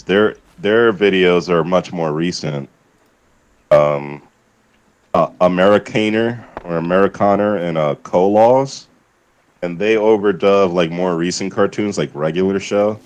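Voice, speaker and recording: A deep-voiced man from the US chatting on a live stream. He rambles with lots of fillers and swearing, laughing between thoughts. His delivery is loose and unscripted. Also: a little slow. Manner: rambling, profane, laughing often, many fillers. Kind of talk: casual chat.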